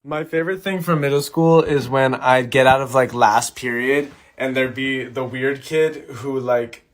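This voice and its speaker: A man's voice: medium pitch, steady tone, a little slow. A man casually recalling a school memory in an amused, storytelling way. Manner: nostalgic, amused anecdote.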